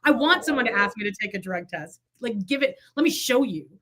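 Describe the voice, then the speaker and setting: A mid-range, brisk voice comes from a woman co-hosting a casual gossip podcast. Her delivery is animated and full of swearing, and she imitates what others said.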